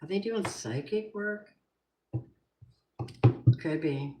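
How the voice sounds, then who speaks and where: A woman with a lowish, somewhat dark voice reads tarot at a slow pace. She thinks out loud and asks the cards and spirit questions, and the room adds a noticeable echo.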